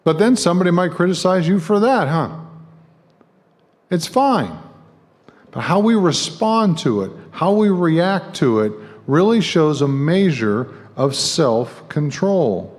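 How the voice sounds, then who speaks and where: A man's voice: a little high, very animated, slow pace, a little mellow. A middle-aged man preaching a sermon as guest speaker, talking conversationally with joking asides to the congregation. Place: church sanctuary. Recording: long church hall reverb.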